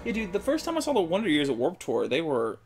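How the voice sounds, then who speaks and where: A man's voice: fairly high pitch, huge pitch swings, quick pace. A man co-hosting a gaming video, chatting in a laid-back way with many fillers and frequent laughs. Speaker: gaming co-host. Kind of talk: casual let's play chat. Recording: game music behind.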